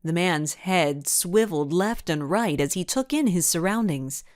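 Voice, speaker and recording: A woman narrating a children's mystery audiobook in an expressive storytelling manner. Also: fairly low pitch, measured pace, no room sound, clean studio sound. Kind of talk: scripted narration.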